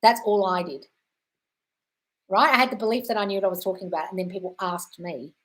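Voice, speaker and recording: A woman's voice: medium pitch, fairly even intonation, a little fast, fairly bright tone. An Australian woman hosting a live question-and-answer stream in a chatty, casual way, calling viewers "darling" and swearing freely. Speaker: host of a live manifesting Q&A.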